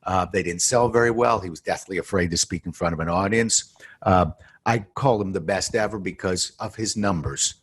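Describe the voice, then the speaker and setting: A man, a sales trainer, answering interview questions as an animated storyteller who swings from low asides to loud emphatic points. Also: moderate pace, breathy edge.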